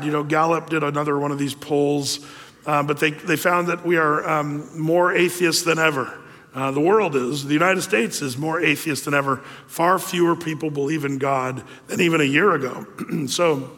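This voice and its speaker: A man's voice: on the high side, a bit bright, big-room sound. A man preaching a sermon as a pastor, talking in a loose, conversational way with frequent fillers and asides.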